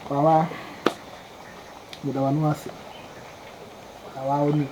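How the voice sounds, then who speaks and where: Chatty villager. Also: male voice, a little high, flat delivery, slow, muffled recording, noisy background. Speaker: villager in a film. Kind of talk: Ghanaian film acting.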